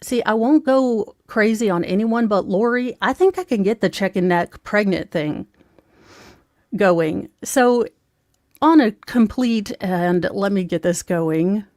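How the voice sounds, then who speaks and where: A woman's voice: medium pitch, takes it slowly, a little mellow, no echo. Snarky woman commentator, dry sound. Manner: snarky, mocking, rambling with asides; talks to her viewers. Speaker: true crime commentator. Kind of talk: casual sarcastic commentary.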